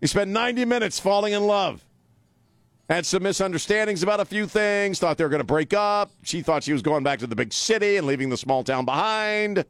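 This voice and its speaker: A man's voice: high-pitched, dry recording. A man hosting a talk radio show, chatting bluntly and jokingly. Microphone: studio mic.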